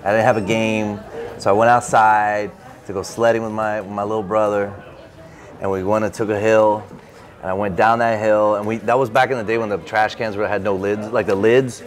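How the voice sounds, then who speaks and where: A man, an author, telling an animated, casual story at a bookstore event, full of "like" fillers. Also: lowish voice, normal speed. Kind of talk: casual anecdote in an interview.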